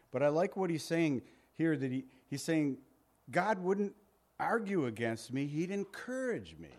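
A man's voice: a little high, darkish tone. A male pastor teaching a Bible passage in a conversational sermon, reading scripture aloud and paraphrasing it.

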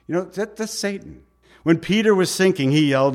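A man's voice: high-pitched, lively intonation, normal speed. A man preaching a sermon in a conversational way, reading scripture and acting out short quoted asides. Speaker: pastor.

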